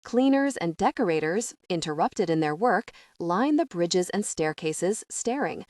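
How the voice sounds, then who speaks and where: A woman narrating an audiobook in a steady, expressive storytelling manner into a close mic. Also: fairly low pitch, unhurried, no echo. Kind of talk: scripted narration.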